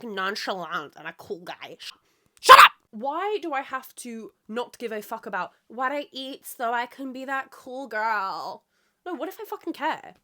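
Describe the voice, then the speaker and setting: A woman hosts her own podcast alone, ranting with heavy swearing and wandering off topic as she loses her train of thought. Her voice is a little high and somewhat bright.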